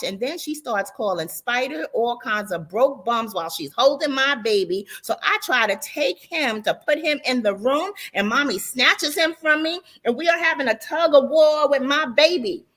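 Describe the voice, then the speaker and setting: Animated woman narrating an audiobook. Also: sits high, moderate pace, hardly any pauses. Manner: animated, dramatic, sassy. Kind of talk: audiobook storytelling.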